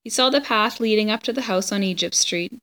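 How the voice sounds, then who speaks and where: A woman reading a children's chapter book aloud, with steady, even storytelling. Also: mid-range voice, a little fast. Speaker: story reader.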